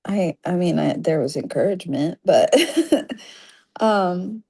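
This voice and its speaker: Southern woman caller, lower voice, agreeable, short answers. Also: lively intonation, slow pace, darkish tone, breathy edge. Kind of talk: coaching call.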